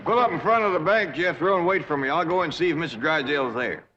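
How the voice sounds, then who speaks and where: An actor playing a humble, easygoing middle-aged backwoods patriarch in a 1960s TV sitcom, with a slow folksy Ozark drawl. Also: male voice, a little high, expressive, pushed and bright. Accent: Ozark rural Southern. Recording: dull old TV audio with hiss.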